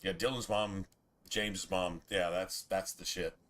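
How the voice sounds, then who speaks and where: A man's voice: low voice, steady tone, unhurried, fairly bright tone. A man streaming a video game, chatting in a rambling, laid-back and profane way. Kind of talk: casual gameplay commentary.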